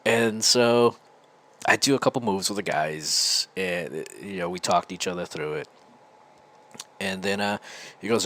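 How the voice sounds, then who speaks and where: Low-voiced man telling a rambling story. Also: measured pace, long pauses, sharp tone. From United States. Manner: rambling, full of restarts and fillers. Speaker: podcast host. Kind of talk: casual storytelling monologue.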